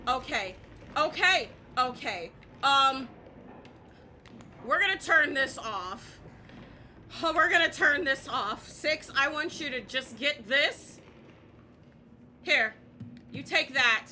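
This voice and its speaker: Young female horror-game streamer, high bright voice, jumpy, repetitive, loud outbursts. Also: slight background noise. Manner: panicky, repeats herself, swears, shouts at the game. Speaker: gaming YouTuber. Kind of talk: horror game let's play commentary.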